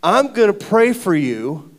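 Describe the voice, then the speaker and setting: A man voicing a very old, strange male prayer counselor with a low voice, who prays to God like a friend. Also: sing-song, slow pace, full character voice. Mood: calm.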